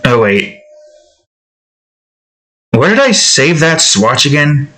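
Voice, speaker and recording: A man's voice: fairly high pitch, very animated, takes it slowly, pushed and bright, rough recording. A young man chatting casually while he draws, rambling from thought to thought, joking and interrupting himself, now and then breaking into off-key snatches of song. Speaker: art streamer. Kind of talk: casual chat while drawing.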